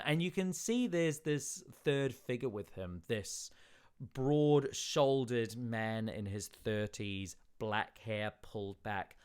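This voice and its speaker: A man narrating a tabletop game as dungeon master, describing scenes in a relaxed way with filler words. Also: lowish voice, clear, resonant tone.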